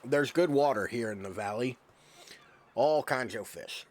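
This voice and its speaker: A man voicing a gruff old male fisherman in a vague put-on accent while reading game dialogue aloud. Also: medium pitch, measured pace, slight background noise, close to an everyday voice. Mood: hearty.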